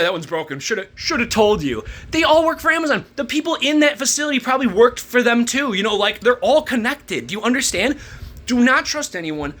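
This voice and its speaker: A young man with a husky, high-pitched voice that swings widely as he vents. He rambles in a bitter, profane rant about his old workplace, jumping between grievances. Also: fairly bright tone. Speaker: former warehouse worker. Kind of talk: angry rant to camera.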